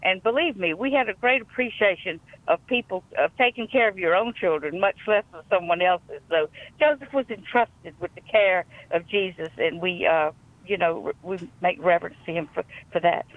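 A woman's voice: on the low side, normal speed. Louisiana woman calling in on a phone line. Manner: chatty storyteller, warm and rambling. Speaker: caller. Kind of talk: call-in phone chat.

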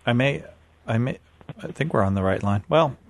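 A man's voice: medium pitch, animated, moderate pace, creaky, no echo. A man hosting a call-in radio show, easygoing and joking, taking calls and putting questions to his guest. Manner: easygoing, joking, brief interjections.

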